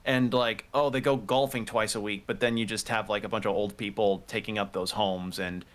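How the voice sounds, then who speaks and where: A man's voice: on the low side, fairly even intonation, moderate pace. Jokey American man chatting. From United States. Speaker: stream co-host. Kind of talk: casual stream chat.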